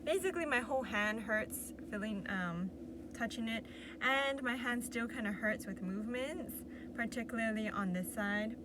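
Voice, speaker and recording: A woman vlogger telling a personal story to camera in a casual, animated way, laughing often and acting out what was said. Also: fairly high pitch, moderate pace, background noise. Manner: animated, laughing often, acts out quotes with sighs. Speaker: vlogger recounting a patient experience.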